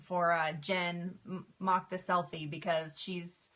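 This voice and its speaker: A middle-aged woman chatting casually on a live stream, emotional and quick to laugh, answering viewer comments. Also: fairly low pitch, flat delivery, a bit bright. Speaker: livestream host.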